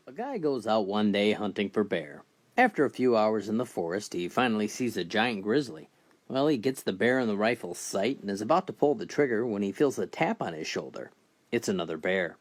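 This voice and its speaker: Deadpan man telling dirty jokes. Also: moderate pace. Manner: deadpan storytelling, briefly lifting pitch for characters. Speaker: joke teller. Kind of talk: narrated dirty jokes with quick character voices.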